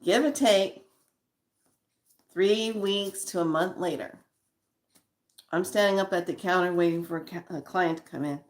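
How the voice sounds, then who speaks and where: A woman's voice: on the low side, measured pace, pauses often. A woman who reads tarot cards, telling stories about her readings in a chatty, blunt way with casual swearing. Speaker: tarot card reader. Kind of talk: casual storytelling.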